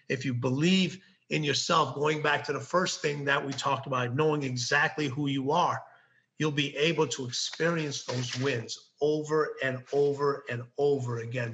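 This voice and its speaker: A man's voice: medium pitch, sharp tone, slight background noise. A man speaking as a guest author, giving motivational advice and repeating key phrases for emphasis. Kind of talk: motivational interview talk.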